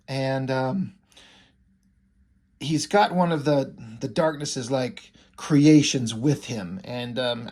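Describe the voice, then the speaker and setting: A man's voice: fairly high pitch, darkish tone. A man reviewing a comic book in a loose, rambling way, with restarts, fillers and casual swearing.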